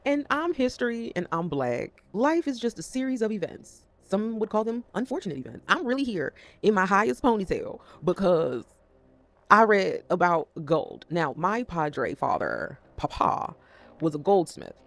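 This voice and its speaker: A woman's voice: medium pitch, big pitch swings, normal speed, gravelly. A woman talking casually to camera as a vlogger, rambling and swearing as she jumps between topics.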